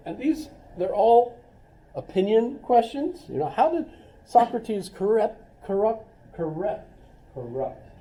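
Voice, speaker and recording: A man's voice: fairly high pitch, dark tone, distant mic, slight background noise. Rambling man lecturing in a roomy classroom. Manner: rambling and chatty, full of joking asides. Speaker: college philosophy instructor.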